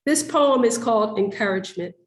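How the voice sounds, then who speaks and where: Casting: woman reciter, high and playful, very animated, slow, echoey room. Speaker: poetry reciter. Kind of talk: animated dialect poetry performance.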